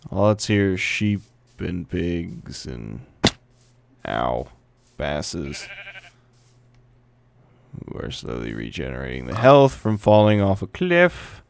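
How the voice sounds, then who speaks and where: A man with a low, gravelly voice gives unhurried let's play commentary. His pitch swings widely as he playfully chats to the animals in the game, over a faint background hiss. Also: sing-song. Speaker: gameplay commentator.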